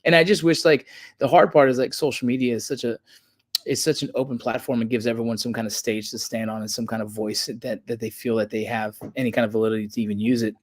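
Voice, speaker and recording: A man's voice: medium pitch, steady tone, fast talker, dry recording. Earnest man in casual chat, dry sound. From United States. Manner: earnest, rambling, says "bro" and "man". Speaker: podcast guest, veteran.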